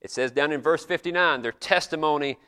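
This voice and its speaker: Male preacher, sermon, bright clear voice, earnest conversational storytelling, long chapel reverb. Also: a little high, a little fast.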